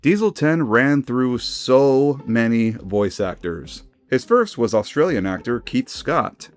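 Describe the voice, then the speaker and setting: A man's voice: mid-range voice, slow pace, faint music behind. A man hosting a video essay, narrating in a casual, enthusiastic way. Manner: enthusiastic, animated.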